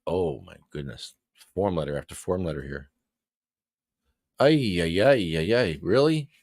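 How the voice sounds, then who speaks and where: A male show host in casual livestream commentary, talking back to what he reads in an animated way. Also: fairly low pitch, no echo, studio quality.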